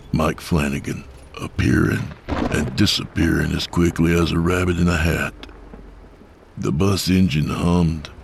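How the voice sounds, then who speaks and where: Very deep, gravelly male narrator. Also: a little hiss or hum. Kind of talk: scripted horror story narration.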